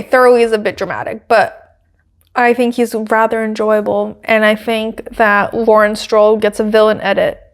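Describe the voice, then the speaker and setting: Young woman, podcast host, casual chat, lots of fillers, slightly high voice. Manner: chatty, frequent fillers and asides. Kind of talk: casual race recap chat.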